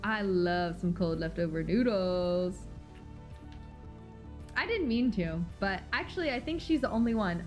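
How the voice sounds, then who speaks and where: Girl streaming a story game, reads and reacts a lot, bouncy pitch, soft music under. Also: a little slow. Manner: expressive, swings from dramatic outbursts to mumbling. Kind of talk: live game playthrough and reading aloud.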